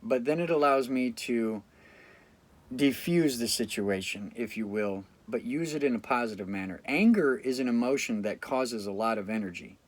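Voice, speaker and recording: A man's voice: mid-range voice, moderate pace, no room sound. Blunt, cursing man talking to camera. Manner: blunt, profane, reflective. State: fatigued after a sleep deprivation study. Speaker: vlogger. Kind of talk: casual talk to camera.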